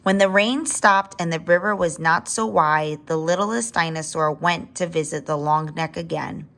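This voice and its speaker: Woman reader, children's story read-aloud, expressive, talks to kids. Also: deep voice, moderate pace. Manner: expressive, with asides to young listeners.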